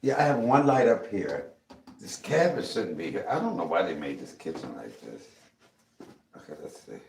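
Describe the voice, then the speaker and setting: A man's voice: low-pitched, big pitch swings, normal speed, vocal fry, roomy sound, slight background noise. A man cooking in his home kitchen for a casual vlog, chatting and calling out to his viewers as he seasons his food. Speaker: cooking vlogger.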